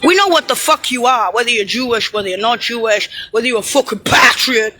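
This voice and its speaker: A woman's voice: fairly high pitch, brisk, pushed and bright, slight background noise, poor audio. A woman delivering an angry, profane, rambling monologue, hurling insults and pointing things out on screen. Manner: points at something on screen while talking.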